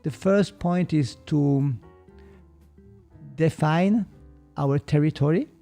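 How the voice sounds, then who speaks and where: A man with a Swiss German accent, a podcast guest who explains calmly and hesitantly and sometimes searches for English words. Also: on the high side, slow, vocal fry, faint music behind. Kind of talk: reflective podcast conversation.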